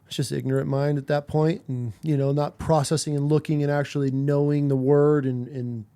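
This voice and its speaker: A male podcast host with a slightly high voice. He talks bluntly and casually, full of slang. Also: level tone, brisk, dark tone, clean tone.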